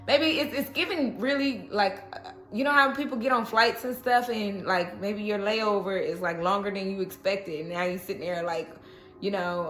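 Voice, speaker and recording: A woman's voice: mid-range voice, brisk, a bit bright, roomy sound, faint music behind. Chatty woman reading tarot cards. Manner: chatty, reassuring, with frequent "okay?". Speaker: tarot reader.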